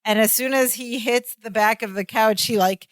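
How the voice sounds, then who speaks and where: A woman co-hosting a podcast, recapping a sitcom episode in casual chat with quick laughs. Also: fairly high pitch, fairly even intonation, dry recording. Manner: chatty, recounts scenes with quick laughs. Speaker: podcast co-host.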